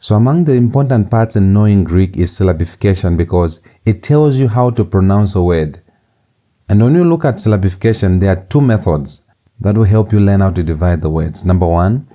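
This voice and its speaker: A man teaching a recorded Greek lecture, repeating key points slowly and deliberately. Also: lowish voice, mellow.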